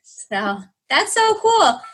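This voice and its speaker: A woman's voice: very high voice, very animated, very slow, a bit bright. A woman co-hosting a casual interview podcast, bubbly and enthusiastic, with lots of fillers. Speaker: podcast co-host.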